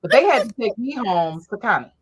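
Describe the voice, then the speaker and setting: A woman host telling family stories in a casual, profane, animated way, jumping up high when she acts out quotes. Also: brisk, husky. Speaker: podcast host. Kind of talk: casual storytelling chat.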